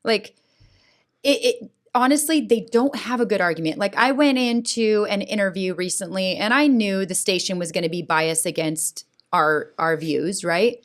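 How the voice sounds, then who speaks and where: A middle-aged woman speaks as a podcast guest, recounting personal experiences with earnest feeling. She talks in an animated way, checking in with her listener with a frequent "right?". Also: medium pitch, normal speed. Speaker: school board president, guest. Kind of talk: emotional personal testimony in a podcast interview.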